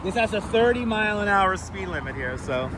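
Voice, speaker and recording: A man's voice: high voice, lively intonation, brisk. A man hosting a casual live stream as he walks outdoors, loose and profane, thanking viewers as he goes. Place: city streets outdoors. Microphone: wireless clip mic. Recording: outdoor street with light traffic noise.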